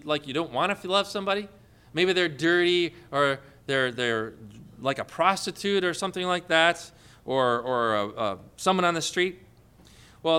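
A man's voice: high voice, bright, forceful tone, clean tone. A man preaching a sermon, telling stories and rising into emphatic questions.

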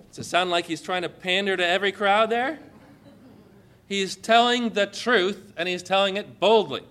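A man's voice: high-pitched, lively intonation, moderate pace, fairly bright tone. A male pastor preaching a sermon, reading scripture and adding emphatic, sarcastic asides.

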